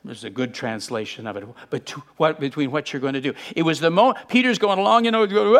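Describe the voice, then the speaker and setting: High-voiced man preaching a lively sermon. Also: brisk, few pauses. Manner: conversational and animated, acting out quotes.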